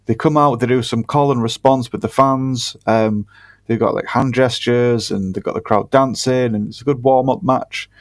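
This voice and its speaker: A man co-hosting a wrestling podcast in an easygoing, laid-back way. He adds dry jokes and fills his pauses with ums. His voice is mid-pitched, and the sound is dry and close to the mic. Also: steady tone, no echo. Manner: laid-back, says um a lot, dry humor. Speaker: podcast co-host. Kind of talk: casual wrestling podcast chat.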